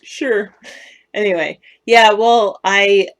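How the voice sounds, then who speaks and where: A woman with a Southern Californian accent chats on a live stream and answers viewers' comments. Her voice is low and carries a gravelly fry. She talks unhurriedly, rambling and correcting herself as she goes. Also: slow pace. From West Virginia, US South. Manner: rambling, self-correcting, chatty.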